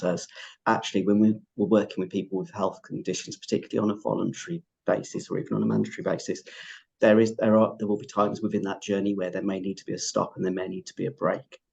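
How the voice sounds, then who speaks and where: A man's voice: lowish voice, vocal fry, darkish tone, slightly rough. A man answering as a panelist in a discussion, speaking in an earnest, discursive way.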